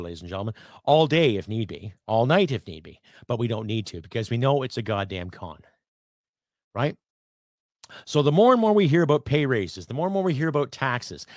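A man's voice: mid-range voice, dry recording, clean studio sound. A man from Canada hosting a podcast, ranting angrily and emphatically with profanity and rhetorical questions. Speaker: podcast host. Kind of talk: political rant podcast.

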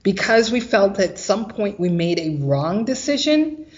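A woman guest telling a personal story of hardship and faith, animated and acting out the voices of others. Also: mid-range voice, measured pace, highs cut off. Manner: animated, acts out quoted voices.

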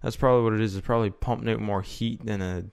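A man's voice: lowish voice, fairly even intonation, fast, creaky, a little mellow, clear, resonant tone. A young man co-hosting a casual sports podcast, rambling and often checking in with "right?". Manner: rambling, repeats himself, asks "right?". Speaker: podcast co-host. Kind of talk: casual chat.

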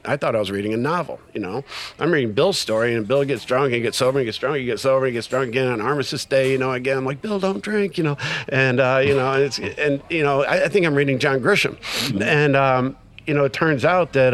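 In a casual conversation, a middle-aged man speaks fairly quickly at a medium pitch while sharing his recovery story as a guest. He acts out what people said, retelling it with energy and lots of fillers.

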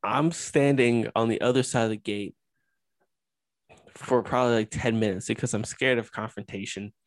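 A man's voice: mid-range voice, fairly even intonation, moderate pace, no room sound. A young man co-hosting a podcast, telling a rambling, self-mocking story in casual chat. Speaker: podcast co-host.

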